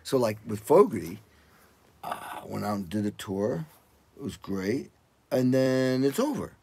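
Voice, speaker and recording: An older man, a drummer, telling animated stories in a casual interview and acting out what people said. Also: measured pace, gravelly, husky. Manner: animated, acts out quotes in loud high voices.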